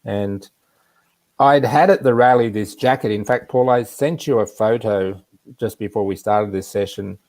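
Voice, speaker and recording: A man's voice: fairly low pitch, normal speed, a little mellow. A man casually telling a personal anecdote on a live video chat, rambling with asides. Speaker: regular guest.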